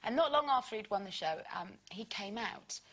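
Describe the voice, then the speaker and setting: A woman's voice: medium pitch, fairly quick. A woman presenter on a daytime chat show, giggling through an anecdote and introducing a competition. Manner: giggly, excitable storytelling. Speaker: panel presenter. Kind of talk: casual chat show talk. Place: TV studio with audience. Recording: studio audience laughter, noisy.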